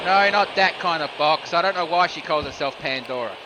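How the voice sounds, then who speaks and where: A man with a fairly high voice gives solo play-by-play of a video game wrestling match, calling each move in a steady stream. He jumps up in pitch and volume when a pin is kicked out of or a move is reversed. Clear background noise runs under his voice. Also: a little fast. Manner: steady move-by-move calls, rising sharply on near falls and reversals. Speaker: play-by-play commentator.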